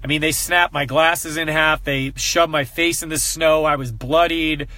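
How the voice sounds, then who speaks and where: A man's voice: a little high, steady tone, measured pace, pushed and bright. A man who works as a coach, giving a heartfelt personal talk to a group, earnest and emotional, fighting back tears.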